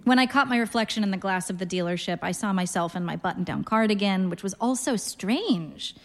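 A woman in her thirties reads her story in a dry, deadpan voice at a medium pitch. Her delivery stays understated and wry. A long reverb hangs around her, as if read in a hall. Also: a little fast. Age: 30s. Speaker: narrator, reader. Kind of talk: literary story reading.

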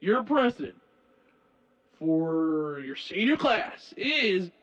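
A woman voicing an upbeat, long-winded male high school principal over the intercom, with a drawn-out announcer delivery. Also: very animated, lo-fi sound. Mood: announcing.

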